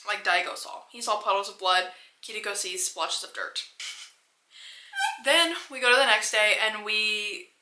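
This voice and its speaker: A young woman walks through a movie plot in a loose, unscripted vlog recap. Her voice is bright and lively, peppered with fillers and profanity. The room around her rings with noticeable echo. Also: medium pitch, unhurried. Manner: animated, swears a lot, many fillers. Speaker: movie reviewer.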